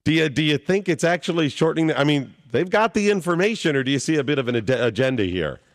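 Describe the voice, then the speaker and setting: A man's voice: a little high, fast. A man hosting a talk radio show, joking and chatty with callers and guests. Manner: animated, joking.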